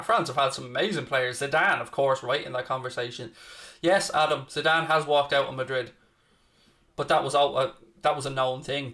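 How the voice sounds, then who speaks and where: Bright chatty male stream host. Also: medium pitch. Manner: chatty, answers viewers by name. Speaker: watchalong host. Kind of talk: live stream commentary and chat.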